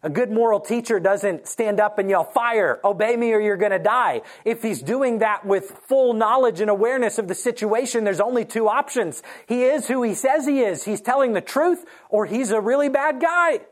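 A preacher delivering a morning sermon, telling scripture stories with lively acted-out quotes and slowing down to stress key points. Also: medium pitch. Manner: animated storytelling, acting out quoted lines. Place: church morning service.

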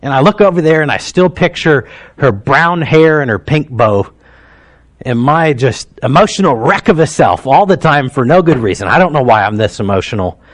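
With a mid-range voice, lively intonation, and normal speed, a man in his thirties delivers a sermon as a pastor. His storytelling is heartfelt and emotional, sinking to quiet moments and then building to emphasis.

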